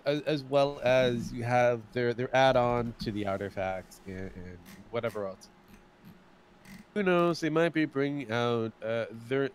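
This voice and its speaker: A man's voice: mid-range voice, slight background noise. A man co-hosting a casual gaming podcast, talking loosely and repeating words as he thinks. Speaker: podcast co-host.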